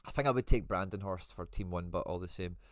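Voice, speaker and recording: A man with a fairly low voice hosts a live stream in a relaxed, chatty way. He thinks aloud as he goes and answers viewers by name. The sound is dry and close, with no room around it. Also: quick pace, no room sound. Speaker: host.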